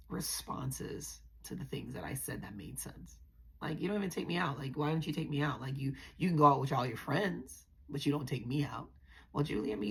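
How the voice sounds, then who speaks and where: A woman with a low, gravelly voice and a breathy edge hosts a podcast, telling her own story confessionally. She's candid and blunt, often calling her listeners "y'all."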